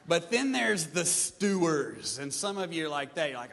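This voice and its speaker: A pastor preaching a sermon with lively delivery, acting out his listeners' excuses in changing voices. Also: on the high side, moderate pace, creaky, few pauses, long reverb tail. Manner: animated preaching, mimics congregants' excuses.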